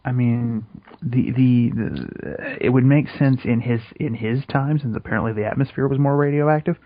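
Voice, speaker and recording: Husky man on a lo-fi podcast mic. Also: medium pitch, normal speed, no room sound. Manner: crude, joking, rambling. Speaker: podcast co-host. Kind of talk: casual podcast chat.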